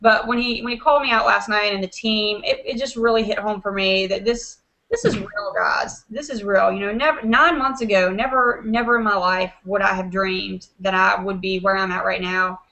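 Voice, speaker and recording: A woman talks from her desk at home over a video call. Her voice has a gravelly rasp and a sharp brightness. She tells her story in a lively way, scattering "you know" and acting out what others said. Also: medium pitch, brisk, hardly any pauses, low-quality recording. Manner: animated, acts out quotes, many fillers like "you know". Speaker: host of an online video hangout. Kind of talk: casual excited storytelling.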